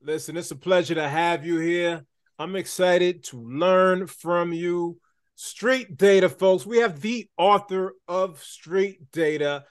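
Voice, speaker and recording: A man's voice: high voice, slow, clear, resonant tone, no echo, clean studio sound. A man hosting an interview podcast, upbeat and playful, talking straight to his listeners. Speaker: podcast host. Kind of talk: conversational interview.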